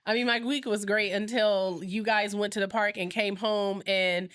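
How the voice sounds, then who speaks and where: A woman hosting a casual couples podcast with a stuffy, congested nose, telling stories in an animated, teasing way. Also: medium pitch, moderate pace. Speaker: podcast host.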